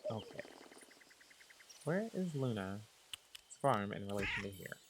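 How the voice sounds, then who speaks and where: Soft, slow-talking man playing a cozy game. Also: fairly low pitch, noisy background. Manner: soft, relaxed and unhurried. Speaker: gaming channel host. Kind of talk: calm sleep gameplay commentary.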